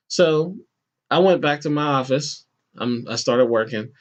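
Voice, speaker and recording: A man's voice: a little slow, dull audio. A man hosting a podcast, telling a story in a casual chat and acting out the people he quotes. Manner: animated, acts out quoted voices with bursts of pitch. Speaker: podcast host.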